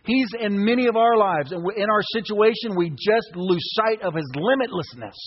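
A man around fifty preaching a sermon as pastor, impassioned, breaking into shouts. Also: high-pitched, animated, moderate pace, hardly any pauses, slightly rough. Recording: echoey hall, dull lo-fi sound.

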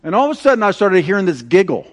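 A middle-aged man preaching a sermon, telling stories with animated, acted-out quotes. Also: high-pitched, very fast. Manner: animated storytelling, acting out quoted voices. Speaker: pastor.

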